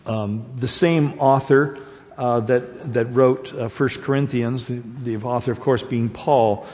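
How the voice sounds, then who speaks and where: Male preacher, slow, halting delivery, muffled lo-fi recording in a reverberant sanctuary. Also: medium pitch, steady tone, a little mellow. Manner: halting, many fillers and restarts; grows emphatic and repetitive at points. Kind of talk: sermon. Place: church sanctuary. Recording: dull lo-fi sound with long hall reverb.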